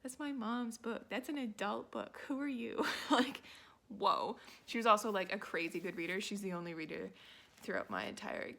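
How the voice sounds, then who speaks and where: A woman in her twenties, a book vlogger rambling in casual chat, filling her talk with "like" and dropping into quiet asides. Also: mid-range voice, normal speed, gravelly. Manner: rambling, heavy use of "like", quiet muttered asides.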